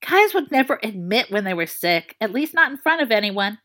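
A woman narrating a story in a playful, expressive reading. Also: fairly high pitch, fairly quick.

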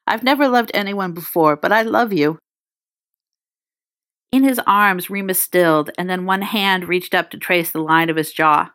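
Reading fan fiction as narrator at a moderate pace, this woman lifts her fairly bright voice whenever she performs the characters' dialogue. The sound is clean, dry and studio-grade.

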